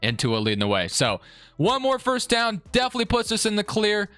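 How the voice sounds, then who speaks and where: A young man giving live commentary on his own football video game, excitable and swinging between frustration and hype. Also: high voice, brisk, smooth, no room sound, soft background music. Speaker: gaming YouTuber.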